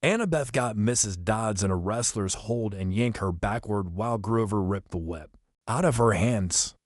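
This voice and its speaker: A man reading an adventure novel aloud as an audiobook narrator, telling the action briskly in the first person. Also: fairly low pitch, no echo, studio quality. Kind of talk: scripted storybook narration.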